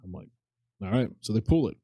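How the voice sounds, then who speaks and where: A man's voice: lowish voice, expressive, fairly quick, mellow, husky, no room sound. A man hosting a podcast, telling a story in loose, informal chat and acting out both sides of the conversations, with some mild swearing. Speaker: podcast host.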